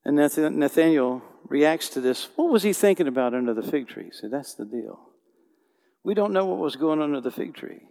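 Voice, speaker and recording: Male pastor, passionate sermon delivery, hushed-to-loud swings, church reverb. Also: on the high side, expressive, moderate pace, vocal fry. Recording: long hall reverb.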